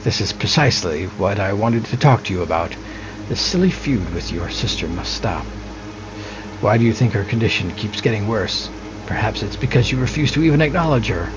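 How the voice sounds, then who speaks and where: A strict, proper mother from a game scolds her son in a reproachful tone, as a man reads her lines. The voice is pushed a little above his own low register. The mic sounds muffled and lo-fi. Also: animated, fairly quick, noisy background, lightly acted. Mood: stern. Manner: stern, reproachful.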